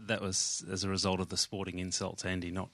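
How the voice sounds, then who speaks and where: Australian man, executive answering questions, low voice, bright tone. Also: monotone, fast. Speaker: company executive.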